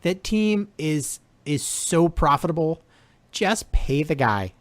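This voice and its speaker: A man co-hosting a casual sports podcast, laid-back and joking, often pausing with fillers. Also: on the high side, lively intonation, no echo. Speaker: podcast co-host. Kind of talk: casual sports talk chat.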